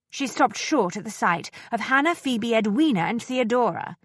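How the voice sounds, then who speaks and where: A woman with a fairly high voice narrates an audiobook, telling the story in a measured, expressive way. The recording is dry and of studio quality.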